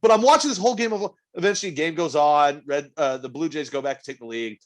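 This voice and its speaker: Guy on a podcast ranting and telling a story, kinda high voice, swears a ton. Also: fast talker. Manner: profane, animated storytelling with quoted asides. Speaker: podcast co-host. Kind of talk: casual chat.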